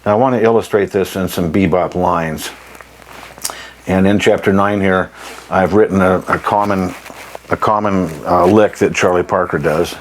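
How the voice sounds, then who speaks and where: Deep-voiced man teaching jazz saxophone. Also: steady tone, slight background noise. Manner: unhurried, frequent ums and throat clearing, sings rhythms. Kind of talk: instructional lesson.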